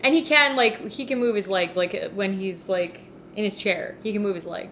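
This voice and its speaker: A woman's voice: mid-range voice, moderate pace, slight background noise. A woman hosting a casual chat, telling stories with lots of fillers and laughter. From Canada. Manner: animated, laughing storyteller with many "like" fillers. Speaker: host.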